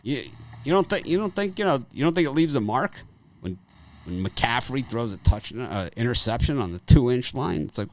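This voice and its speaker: A man's voice: mid-range voice, sing-song, normal speed. A man hosting a live sports betting show, talking bluntly and casually with frequent restarts and some swearing. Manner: blunt, profane, rambling with restarts.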